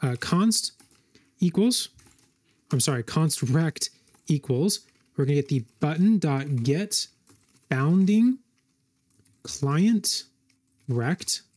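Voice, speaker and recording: A man hosting a coding tutorial, thinking aloud as he types, with frequent fillers and quick self-corrections. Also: a little high, lively intonation, a little mellow, slightly rough. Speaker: web design tutorial host. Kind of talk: screen-recorded coding walkthrough.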